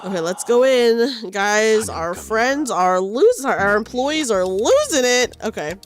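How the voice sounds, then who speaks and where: A woman's voice: on the high side, sing-song, measured pace, soft background music. A young woman streamer chatting with her audience and reading game dialogue aloud during a live game stream. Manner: chatty, giggly, reads game lines aloud.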